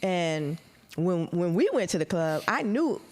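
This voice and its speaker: A woman's voice: fairly low pitch, unhurried. A middle-aged woman, a stand-up comedian, chatting on a podcast and telling a story with lots of acted-out dialogue and laughter. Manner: animated storyteller, acts out dialogue, laughs often. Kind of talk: casual podcast chat.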